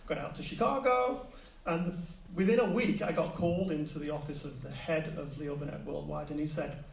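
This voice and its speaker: A man telling a personal story to a live audience, animated and acting out what people said. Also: fairly high pitch, a little fast, gravelly. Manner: animated, acts out quoted voices. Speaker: storyteller on stage. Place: stage before a live audience. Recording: echoey hall, distant mic, faint hiss.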